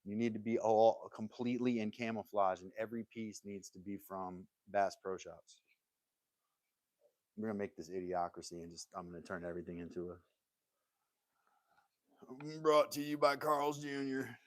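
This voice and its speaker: A man's voice: sits low, flat delivery, brisk, warm tone, dry recording. A man hosting a casual live stream from his workshop, joking and rambling as he talks straight to his viewers, laughing often. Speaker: livestream host. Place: home woodworking workshop.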